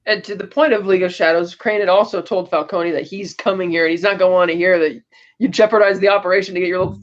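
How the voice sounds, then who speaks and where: A woman's voice: lowish voice, muffled recording. A woman co-hosting a podcast, recapping movie scenes casually and quoting lines as she goes. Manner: retells scenes with quoted lines and laughs. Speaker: podcast co-host.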